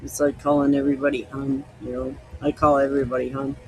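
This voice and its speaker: A man's voice: mid-range voice, level tone, quick pace, slight background noise, low-quality recording. A man hosting a podcast, chatting casually in a loose, rambling way while he tastes liquor. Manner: rambling, loose, easygoing storytelling. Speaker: podcast host.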